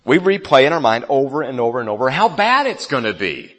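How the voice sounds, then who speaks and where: A man's voice: mid-range voice, sing-song, brisk, fairly bright tone. A man preaching a sermon as a pastor, telling a story in a conversational way and speaking straight to his listeners. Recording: long reverb of a large hall.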